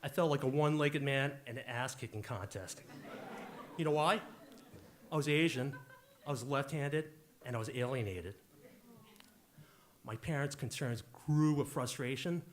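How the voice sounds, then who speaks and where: A man's voice: medium pitch, normal speed, a little hiss or hum. A man in his forties telling a jokey, punchy story live on stage into a handheld mic.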